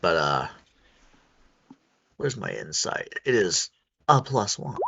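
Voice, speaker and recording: Lively, halting low-voiced man. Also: gravelly, highs cut off, noisy background. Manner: hesitant, lots of ums and restarts. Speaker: player. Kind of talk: casual tabletop game chat.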